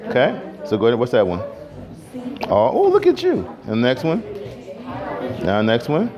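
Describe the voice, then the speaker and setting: Guy teaching music to a class, firm and brisk, kids chattering loud behind him. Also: mid-range voice, huge pitch swings, a crowd in the background. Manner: firm, brisk classroom management with playful teasing. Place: school classroom. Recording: noisy classroom with students chattering.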